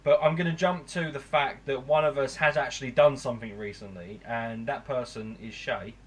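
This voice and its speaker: A man's voice: medium pitch, moderate pace. An English man hosting a casual podcast chat, joking and easygoing, his voice dropping at the ends of lines. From England. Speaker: podcast host.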